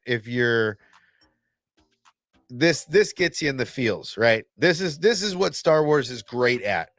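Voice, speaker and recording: Brief: a mid-pitched male host, excitable and profane, in a dry, close recording. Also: no echo. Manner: excitable and blunt, swears, restarts often. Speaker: fan reaction host. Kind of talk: casual reaction commentary.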